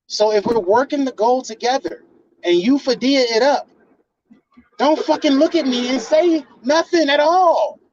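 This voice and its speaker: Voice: high-pitched, a little slow, darkish tone, slight background noise. A channel host lecturing a partner in a heated, confrontational rant full of swearing, on a slightly dull lo-fi recording.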